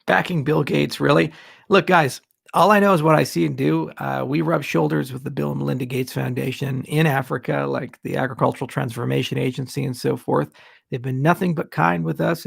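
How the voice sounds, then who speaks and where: Gravelly husky guy doing a live q&a, blunt, kinda rambly, dry room. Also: a little high, steady tone, a little fast, no echo. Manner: candid, blunt, rambling asides. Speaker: tech company founder answering questions. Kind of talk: livestream Q&A.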